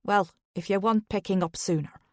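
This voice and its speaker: A woman's voice: mid-range voice, steady tone, normal speed, no room sound, clean studio sound, close to an everyday voice. A woman voicing an Irish taxi driver, blunt. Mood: blunt, matter-of-fact.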